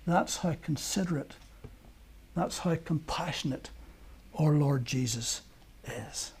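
A man with a high, husky voice preaches a sermon, building stories earnestly. His tone is mellow and warm rather than bright, and he swings from emphatic peaks down to near-whispers. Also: animated, slow pace, long pauses. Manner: earnest storytelling, rising to emphatic peaks and dropping to hushed lines.

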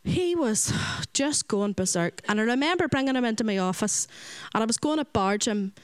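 A woman with a Northern Irish accent tells the story of a child in her care as an earnest faith testimony. Her voice sits fairly high. The recording is dry and close, with no room sound. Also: animated, moderate pace, clean tone, no echo, rough recording. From Northern Ireland. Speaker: children's home director. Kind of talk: personal faith testimony talk.

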